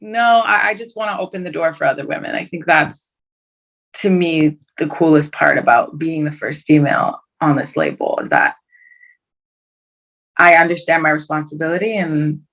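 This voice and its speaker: A woman's voice: low voice, normal speed, fairly bright tone, rough recording. A young woman from Toronto, a singer, chatting over a video call in a rambling way with lots of "like" and restarts. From Toronto, Canada. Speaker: guest singer.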